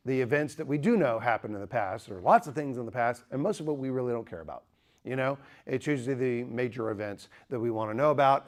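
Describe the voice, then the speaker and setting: A man lecturing with humor and energy. He keeps checking in with the audience and tosses them questions. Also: medium pitch. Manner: lively, joking, asks the audience questions. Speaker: speaker. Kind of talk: apologetics lecture.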